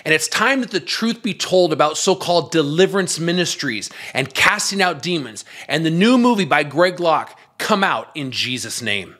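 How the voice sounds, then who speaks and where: A man's voice: fairly high pitch, animated, moderate pace, hardly any pauses, pushed and bright. Emphatic, scornful male show host. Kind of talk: preaching commentary.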